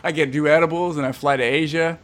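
A man's voice: on the high side, steady tone, fast talker. A man from California co-hosting a podcast, chatting casually, laughing often and telling stories with impressions. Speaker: podcast co-host. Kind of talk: casual banter.

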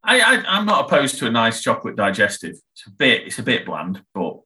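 A man's voice: medium pitch, huge pitch swings, brisk, sharp tone. A young man, a band member chatting as a podcast guest, rambling, laughing and swearing freely. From England. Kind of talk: casual podcast chat.

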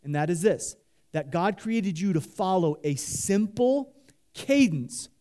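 A pastor preaching a sermon, animated, leading the congregation in call-and-response and talking loosely with many fillers and restarts. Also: male voice, high-pitched, moderate pace.

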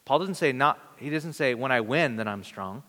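A man preaching a sermon in an earnest, conversational way, with dramatic pauses. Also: medium pitch, expressive, pushed and bright. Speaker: pastor. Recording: long reverb of a large hall.

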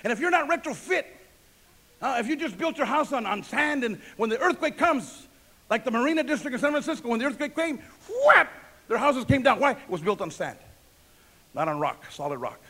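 A man's voice: very high-pitched, sing-song, brisk, fairly bright tone. A male pastor preaching a sermon, emphatic and repetitive, asking the congregation questions and answering them himself.

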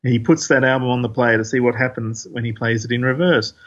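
Husky guy rambling through a comic recap, lots of ums, dull lo-fi sound. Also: medium pitch, fairly even intonation, brisk, a bit bright. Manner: rambling, many fillers, reads quotes aloud. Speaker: podcast host reviewing comics. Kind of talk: casual recap of a comic issue. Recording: dull lo-fi recording.

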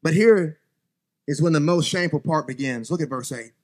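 High-voiced pastor. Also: male voice, moderate pace. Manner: folksy, talks straight to the congregation; swings from quiet scripture reading to loud exhortation. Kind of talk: sermon. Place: church sanctuary.

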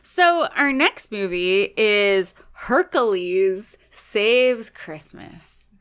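A woman co-hosting a casual movie review chat with dry, deadpan humor. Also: mid-range voice, very slow, clear, resonant tone. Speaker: podcast co-host reviewing movies.

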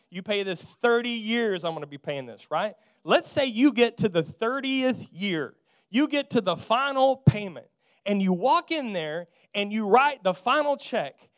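A man preaches a sermon. He hammers on key phrases, saying them again and again, and draws amens from the congregation. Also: sits high. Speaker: pastor.

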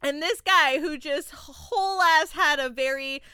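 A young woman from Florida hosting a podcast, casually reviewing a movie with lively laughter and acted-out quotes. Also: sits high, measured pace, no echo, clean studio sound. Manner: animated, laughing, acts out quotes. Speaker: podcast host.

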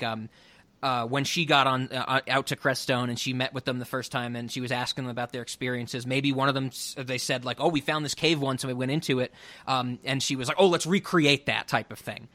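A man's voice: medium pitch, fairly even intonation, brisk, pushed and bright. A man co-hosting a casual podcast chat, rambling and laughing often as he talks. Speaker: podcast co-host.

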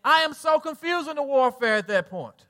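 Preaching to his flock, this Southern American pastor in middle age speaks with a bright, forceful, high-pitched voice. Quiet, low stretches give way to loud swells, peppered with homespun asides, all at a moderate, animated pace.

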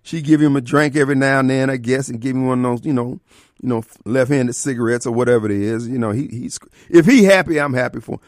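A man hosting a radio show, telling a comic story with an animated, exaggerated delivery and sudden outbursts. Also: mid-range voice, quick pace, no echo, studio quality. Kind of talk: comedic storytelling.

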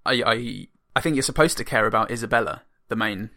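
Gravelly, bright-voiced man chatting about films. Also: on the low side, brisk. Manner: hesitant, many restarts and fillers. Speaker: podcast co-host. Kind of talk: casual film review chat.

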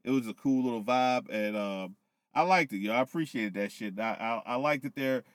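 A man in casual podcast chat, breaking down a wrestling show with loose, profane energy. He sounds a little tipsy from whiskey, and his voice sits at an ordinary pitch. The recording is close and dry, with no room sound. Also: normal speed, smooth, no echo. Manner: loose, profane, animated storytelling. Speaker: podcast co-host.

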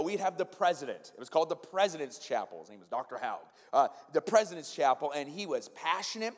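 Brief: male pastor, 40s, fairly high voice, lively conversational sermon, long hall reverb. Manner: animated, conversational, addresses the congregation directly.

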